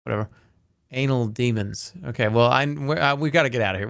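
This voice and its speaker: A man's voice: mid-range voice, fairly quick, vocal fry, a bit bright, no echo, studio quality. A man streaming a game live, rambling playfully and reading viewer messages aloud.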